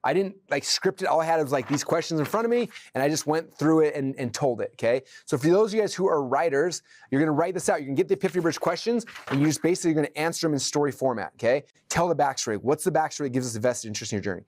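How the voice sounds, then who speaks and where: A man teaching a live workshop to an audience, energetic and excitable, acting out his own thoughts as he goes. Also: fairly high pitch, rapid-fire, hardly any pauses.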